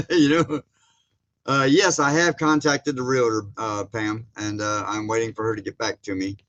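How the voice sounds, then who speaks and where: A man's voice: fairly low pitch, normal speed, a bit bright, highs cut off, a little hiss or hum. Man, livestream host, loose rambling chat-reader. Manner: folksy, laughs often, many fillers. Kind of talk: casual live chat. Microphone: streaming setup mic.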